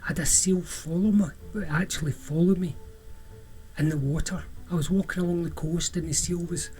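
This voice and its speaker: A man with a Scottish accent telling a personal story in a relaxed, chatty way, often restarting and drawing out words. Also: a little high, normal speed, soft background music, poor audio. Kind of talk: casual spoken storytelling.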